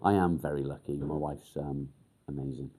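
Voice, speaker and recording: A middle-aged man hosting a casual live stream, rambling with many pauses and casual swearing. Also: rumbling low, steady tone, warm tone, husky. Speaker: livestream host.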